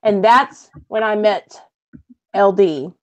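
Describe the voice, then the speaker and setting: A woman guest recounting her own hard past, emotional and halting. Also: medium pitch, highs cut off. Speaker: guest sharing her story. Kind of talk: personal testimony on a stream.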